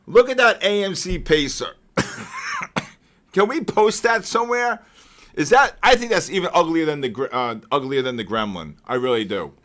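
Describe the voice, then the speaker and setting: An older man hosting a live market trading session, mixing chart talk with joking stories and loud exclamations. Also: on the high side, huge pitch swings, moderate pace. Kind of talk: live trading commentary and casual chat.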